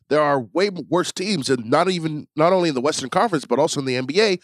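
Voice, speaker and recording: Dude ranting on a podcast, real high voice that swings all over, fed up. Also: male voice, expressive, fast talker, no room sound. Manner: exasperated, ranting, rhetorical questions. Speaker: guest ranting about his team. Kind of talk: comedic rant segment.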